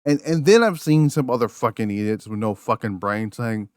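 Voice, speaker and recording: Alone on his podcast, an angry host rants through a review, swearing constantly, repeating words and restarting sentences. His medium-pitched, clean voice has lively intonation at normal speed with few pauses, recorded dry with clean studio sound.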